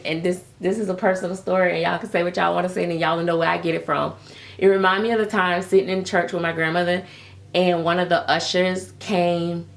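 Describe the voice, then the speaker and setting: A woman's voice: fairly low pitch, vocal fry. A woman vlogger in a casual, chatty rant, telling stories with laughs and calling listeners baby. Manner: animated storytelling with frequent laughs and pet names like baby. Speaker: reborn doll vlogger.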